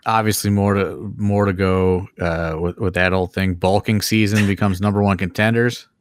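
Low-voiced rambling male promoter. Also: fairly even intonation, moderate pace, no echo, studio quality. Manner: rambling, heavy fillers and profanity. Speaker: wrestling promoter. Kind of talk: casual podcast chat.

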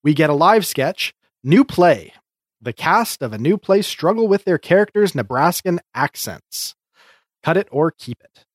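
A man's voice: fairly high pitch, big pitch swings, unhurried, dry recording, clean studio sound. A man co-hosting a casual podcast, reviewing comedy sketches in a chatty, hesitant way with frequent restarts.

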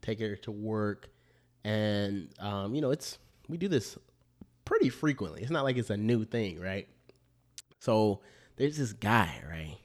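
A man co-hosting a podcast, telling stories in slangy, animated casual chat. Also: fairly low pitch, unhurried. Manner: slangy, animated storyteller, repeats "bro". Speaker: podcast co-host.

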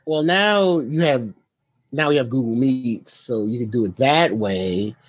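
A woman's voice: extremely low pitch, lively intonation, measured pace, husky. Woman co-host on a dull, muffled mic. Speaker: podcast co-host and parent. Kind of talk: casual chat.

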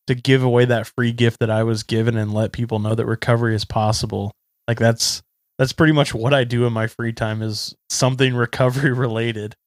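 Reflective man, mid pitch, flat delivery, dry close sound, casual host. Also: no room sound. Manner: friendly, reflective, says "man" often. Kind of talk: casual conversation.

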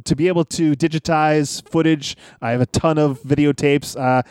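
A man talking casually on a podcast, wandering from one old story to the next and laughing as he goes. His voice sits a bit high and sounds smooth and clear. The sound is close and dry. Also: fairly even intonation, moderate pace, a little mellow, no echo. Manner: rambling storyteller, laughs often. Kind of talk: casual wrestling podcast chat.

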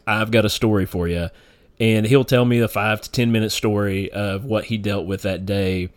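A man with a Kentucky accent hosting a podcast, telling rambling stories in casual chat and laughing often. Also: lowish voice. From Northern Kentucky. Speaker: podcast host.

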